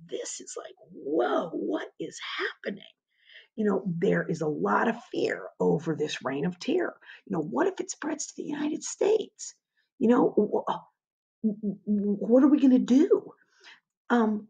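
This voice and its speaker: A woman's voice: lowish voice, creaky, a little mellow, slightly rough, muffled recording. A woman teaching a history lesson in an informal, conversational way, asking rhetorical questions as she goes. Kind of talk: informal classroom lecture.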